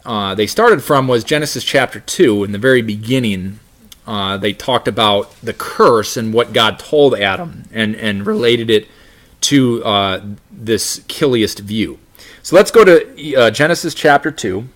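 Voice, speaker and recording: Here a man with a fairly low, fairly bright voice teaches a Bible study lesson at a measured pace. He reads passages of scripture aloud, then discusses them with many restarts and fillers.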